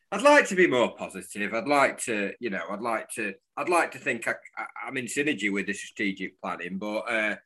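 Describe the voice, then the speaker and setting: A man co-hosting a casual football podcast, talking in animated, laughing, sweary banter. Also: lowish voice, measured pace. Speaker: podcast co-host.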